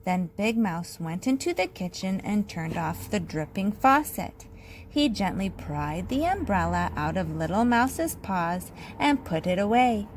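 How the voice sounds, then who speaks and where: Teacher lady reading a kids book, slow and bouncy, faint room hum. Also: medium pitch, poor audio. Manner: slow, expressive storytelling. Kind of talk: reading a picture book aloud.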